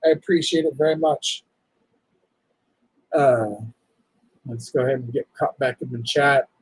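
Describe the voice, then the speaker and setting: A man hosting a casual livestream, talking in an emotional, halting, apologetic way. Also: medium pitch, husky, no room sound, poor audio. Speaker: livestream host.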